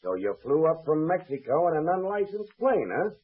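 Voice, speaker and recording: A man's voice: on the high side, very animated, normal speed, breathy edge. An actor playing a stern, suspicious male government air inspector, curt and interrogating, in 1940s radio acting from a tinny, muffled old recording.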